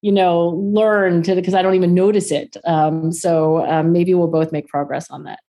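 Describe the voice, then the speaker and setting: A woman in her forties, a guest on an interview show, talking fast and filling her speech with "like" and "um". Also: lowish voice. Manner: animated, acts out quoted dialogue in raised voices. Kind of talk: conversational interview.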